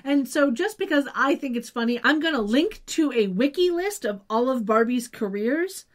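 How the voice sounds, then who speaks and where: A chatty woman co-hosts a podcast and recaps a TV episode in easy, wry conversation. Her voice sits a little high. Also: animated, normal speed. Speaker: podcast co-host. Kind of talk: casual recap chat.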